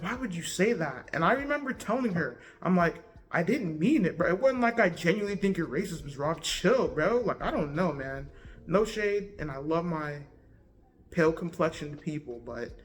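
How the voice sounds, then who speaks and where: A young woman telling a casual, slangy story for her vlog in an animated, laid-back way. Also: lowish voice. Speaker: vlogger.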